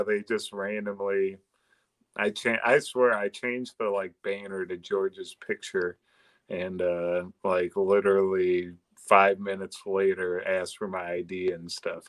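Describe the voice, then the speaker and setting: A man's voice: sits low, flat delivery, a little slow, fairly bright tone, dry recording, rough recording. A man co-hosting a casual podcast chat, laid-back and slangy. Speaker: co-host.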